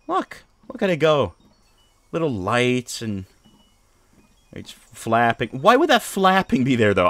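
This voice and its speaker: A man's voice: medium pitch, a bit bright, no echo. A man streaming a video game, giving casual commentary with rambling, joking asides.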